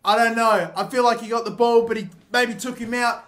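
A young man giving excitable play-by-play commentary on his own football video game, swearing often and breaking into loud shouts. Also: high voice, brisk, hardly any pauses. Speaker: gaming YouTuber.

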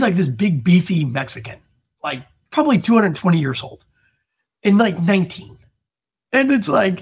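A man, an army veteran and podcast co-host, telling stories in casual chat and acting out the quotes with big jumps in voice. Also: slightly rough. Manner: animated, acts out quotes with big jumps in pitch.

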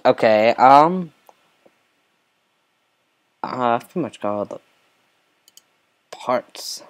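A man talks through his game in a loose, unhurried way, drifting between mumbled asides and filler words. His pitch sits in an ordinary middle range for a man. He sounds like he is speaking into a desk mic at his computer. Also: animated, clean tone. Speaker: let's play host. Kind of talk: casual gameplay commentary.

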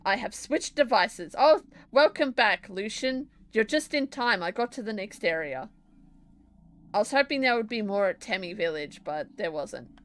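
A young Australian woman streams from home, talking loosely and giggling as she answers her chat. Her voice sits in a middle pitch, and she rambles happily between a game and a drawing. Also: expressive, moderate pace, fairly bright tone. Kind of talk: casual live-stream chat while gaming and drawing.

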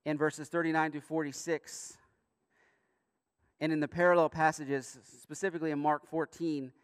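A man preaching a sermon as pastor in a church, earnest, with emphatic rising bursts and quiet asides. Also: fairly high pitch, level tone, moderate pace, clean tone, no room sound, studio quality, big-room sound. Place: church sanctuary.

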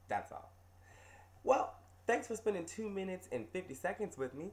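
A man hosting a comedic storytelling vlog from a couch indoors, telling the story in an animated, amused way. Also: sits high, moderate pace, a little hiss or hum. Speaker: host.

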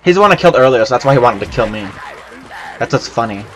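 A man giving loud, excitable gameplay commentary, swearing a lot and bursting out in yells. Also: mid-range voice, quick pace, a little hiss or hum. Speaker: gaming channel host.

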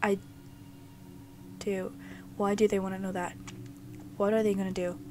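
A young woman playing a horror game alone in a dark basement, jumpy and scared, often swearing and screaming. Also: mid-range voice, flat delivery, measured pace, background noise. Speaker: gaming video creator.

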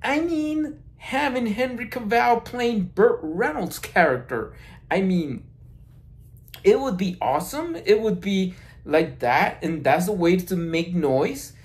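Slow, halting vlogger talking to a phone. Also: medium pitch, lively intonation. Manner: halting, with many restarts and repeated words. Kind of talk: casual rambling monologue.

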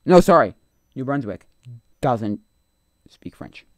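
A man's voice: mid-range voice, lively intonation, slow pace, dry recording. A man casually commenting on a live stream, rambling and opinionated, often trailing off into mutters.

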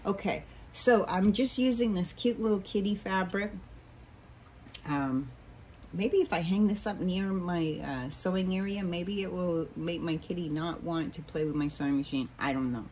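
A woman's voice: on the low side, normal speed, darkish tone, slight background noise, low-quality recording. Chatty woman teaching sewing at home. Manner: chatty and rambling, many ums and self-corrections. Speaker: sewing tutorial host. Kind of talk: casual home sewing tutorial. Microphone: camera mic.

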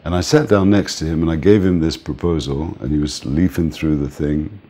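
An older man interviewed as a music manager, telling relaxed stories and often laughing and saying "man". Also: very deep voice, a little fast, slightly rough. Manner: relaxed, reminiscing, often says "man", laughs between points. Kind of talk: casual storytelling interview.

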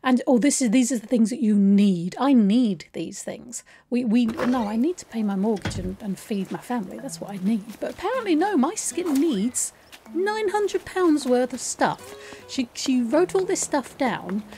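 A woman's voice: a little high, expressive, normal speed, dark tone, slight background noise. A woman hosting a let's play, telling a story in a chatty, rambling, self-deprecating way. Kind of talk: casual storytelling over gameplay.

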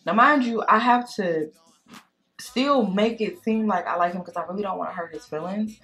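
A woman vlogger chatting casually while doing makeup, telling a date story in a sassy, animated way and calling the listener girl and baby. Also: mid-range voice, a little fast, faint music behind. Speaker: beauty vlogger. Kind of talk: casual storytime chat during makeup tutorial.

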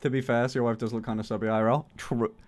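A young man streams live, talking fast in a mid-range voice with a flat delivery and a darkish tone. He reads chat messages aloud in casual talk with his viewers, frequently joking, swearing, and laughing.

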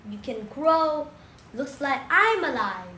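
In an echoey room with a soft ambient hum, a woman gives young children a very slow classroom explanation. Her slightly high voice is sing-song, pushed and bright, and she says each new word repeatedly while quizzing her listeners.

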